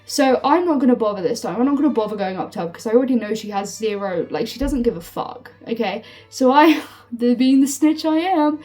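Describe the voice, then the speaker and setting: A young woman telling a storytime vlog, swearing freely and filling her talk with "like", heated and animated. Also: a little high, a little fast. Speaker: storytime vlogger. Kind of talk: casual storytime rant. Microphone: phone. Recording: phone mic from a distance with faint music.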